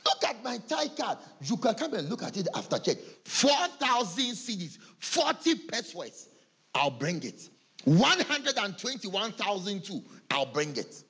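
Animated, husky Ghanaian preacher man. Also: high-pitched, a little slow. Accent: Ghanaian English. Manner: animated preaching, acts out church members' excuses, laughs often. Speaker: pastor. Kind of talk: sermon.

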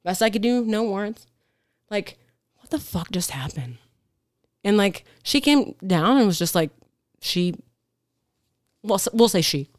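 Animated swearing woman cop telling stories. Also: mid-range voice, measured pace, pauses often, dry recording, clean studio sound. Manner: animated storyteller, swears freely, acts out quotes. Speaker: police officer. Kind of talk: casual podcast chat.

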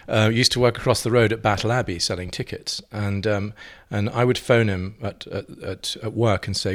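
An English painter telling playful, theatrical anecdotes in a relaxed interview chat, often breaking into giggles. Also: male voice, lowish voice, normal speed, hardly any pauses. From England. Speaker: guest, painter.

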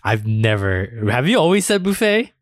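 A man co-hosting a podcast, chatting casually with joking quick asides. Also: mid-range voice, very animated, no echo. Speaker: podcast co-host. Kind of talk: casual chat.

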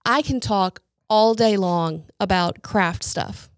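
A woman's voice: mid-range voice, slow pace, no room sound. Woman co-host, chatty and rambling, self-deprecating, dry close sound. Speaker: podcast co-host. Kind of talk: casual Bible study discussion.

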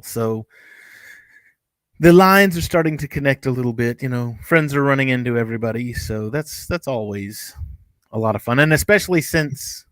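On a fan review podcast, a co-host with a mid-range, somewhat bright voice chats casually, his speech halting and full of fillers as he keeps restarting sentences. The audio has no echo.

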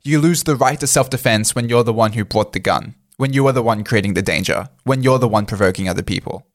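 Calm man in a political chat. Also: mid-range voice, fast. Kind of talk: casual political discussion.

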